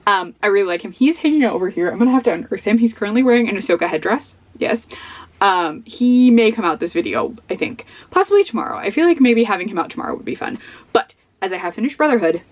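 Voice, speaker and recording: A woman's voice: medium pitch, sing-song, quick pace, lo-fi sound. A young woman talking casually at home in a book vlog, chatty and bubbly. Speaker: book vlogger. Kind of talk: casual chat.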